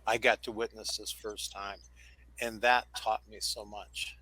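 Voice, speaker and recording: A man's voice: on the low side, little pitch movement, unhurried, pushed and bright, slightly rough, rough recording. A man sincerely sharing a personal lesson in a casual group discussion, talking in bursts.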